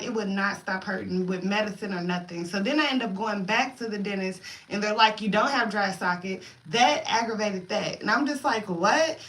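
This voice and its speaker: Animated bright-voiced woman telling a story. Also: on the high side. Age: 30s. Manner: animated, dramatic retelling with slang. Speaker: storytime vlogger. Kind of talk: casual storytime vlog.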